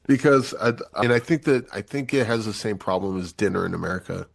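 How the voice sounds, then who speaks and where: A man's voice: on the low side, brisk, gravelly. A man hosting a movie review podcast in casual chat, acting out quotes as he talks. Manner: animated, acts out quotes. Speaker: podcast host.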